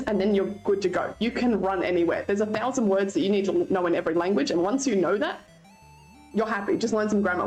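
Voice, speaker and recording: A woman's voice: medium pitch, a little mellow. A young Australian woman streaming, chatting casually with her viewers, swearing freely and laughing often. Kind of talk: casual chat with live chat.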